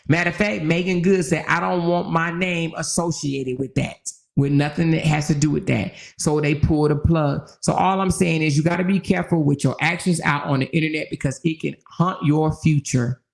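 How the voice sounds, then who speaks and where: Older woman host, gravelly voice with fry, conversational and preachy, builds to exhortation. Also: low-pitched, steady tone, normal speed, hardly any pauses, a little mellow. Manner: preachy, emphatic, rising into exhortation; conversational, full of "you know". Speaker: channel host. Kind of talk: casual livestream chat.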